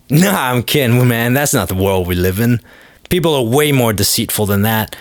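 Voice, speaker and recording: A man riffing through a comedic monologue with a loose, sarcastic, rambling delivery and plenty of fillers. His voice sits at an average pitch. The recording is close and dry, with no room sound. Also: animated, normal speed, no echo. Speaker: comedic podcast host.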